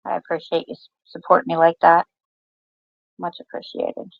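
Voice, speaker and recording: Gravelly low-voiced woman livestream host. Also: level tone, normal speed, dry recording, dull audio. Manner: chatty and teasing, talks to chat. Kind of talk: casual livestream chat.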